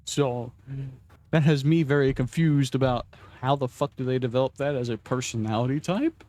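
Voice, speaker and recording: Young male vlogger, loose crude rambling, mid-pitched, self-mocking. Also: normal speed, mellow. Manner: rambling, crude, self-deprecating, with frequent restarts. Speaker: gaming vlogger. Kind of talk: casual rambling commentary while playing.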